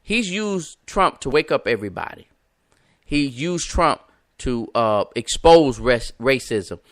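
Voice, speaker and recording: Speaking slowly in a sing-song, medium-pitched voice, this man hosts a live online show like a preacher, hammering points with emphasis and repetition. The podcast host addresses viewers and callers by name, and the studio-quality audio has no echo.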